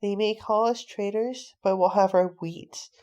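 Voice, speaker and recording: A woman reading a storybook aloud, voicing a stern, tough father who talks bluntly and gruffly. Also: mid-range voice, steady tone, a little slow, warm tone, dull audio, close to an everyday voice. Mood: determined.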